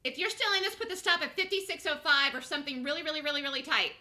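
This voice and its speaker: A woman day trader giving excited live commentary on her trades, swinging between muttered asides and shouted calls. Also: high voice, rapid-fire. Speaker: day trader streaming a live trading room.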